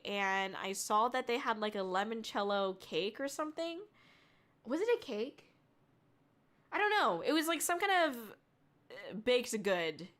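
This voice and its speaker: A woman's voice: mid-range voice, a bit bright. A young woman streamer chatting casually with her viewers, laughing often and swearing now and then.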